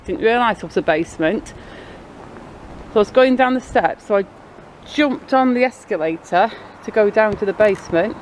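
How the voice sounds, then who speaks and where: A woman's voice: medium pitch, expressive, normal speed, poor audio. A woman vlogging outdoors with a handheld camera, rambling through a casual story. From Blackpool, England. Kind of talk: casual walking vlog narration. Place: outdoors on a busy town street. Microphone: handheld camera mic. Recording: street noise behind.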